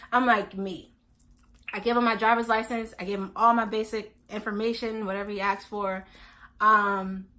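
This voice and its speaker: A young woman in her twenties telling a storytime in casual chat, animated and acting out quotes. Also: fairly high pitch. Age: 20s. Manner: animated, acts out quotes of others. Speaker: vlogger.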